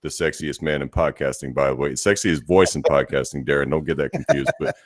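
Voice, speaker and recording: Low-voiced, jokey podcast co-host man. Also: no room sound, studio quality. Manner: jokey, animated, talks in quick bursts. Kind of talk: casual political discussion.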